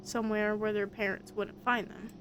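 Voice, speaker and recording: A woman's voice: mid-range voice, little pitch movement, moderate pace, background noise, natural voice. Laid-back gossipy young man from a game, slangy delivery, read by a woman. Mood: casual. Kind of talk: voice-acting a visual novel.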